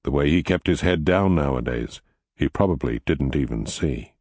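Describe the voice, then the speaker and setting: Deep-voiced man narrating an audiobook. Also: slightly rough, dry recording. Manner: measured storytelling with expressive pitch. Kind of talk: scripted narration.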